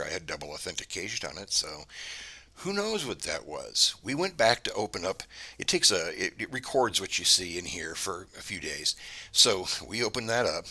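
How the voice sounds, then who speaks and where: A man's voice: low-pitched, pushed and bright, slightly rough. A man, the host of his own channel, telling a story to camera in a casual, meandering way with frequent restarts. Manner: meandering, conversational, many restarts.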